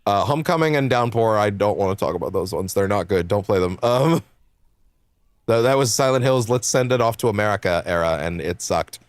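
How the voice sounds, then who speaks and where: A young adult man streaming games, chatting casually in a rambling, animated way, laughing often and swearing freely. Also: fairly low pitch, moderate pace, no room sound. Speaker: game streamer. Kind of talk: casual chat while livestreaming.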